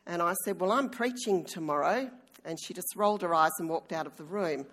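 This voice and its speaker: A middle-aged woman delivers a sermon as a church elder. Her voice sits a little low, and she talks in a chatty, self-deprecating way with plenty of ums. She is recovering from an illness. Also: moderate pace. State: recovering from illness, may cough. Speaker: church elder and worship leader.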